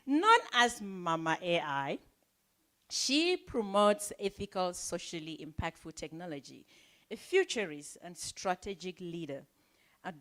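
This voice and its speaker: A lively woman MC from Cameroon, her accent softened by years of South African influence. Her pitch sits on the lower side but swings widely as she jokes, laughs and teases the room. She talks in a chatty, animated way. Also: unhurried. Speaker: event MC. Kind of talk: live event hosting.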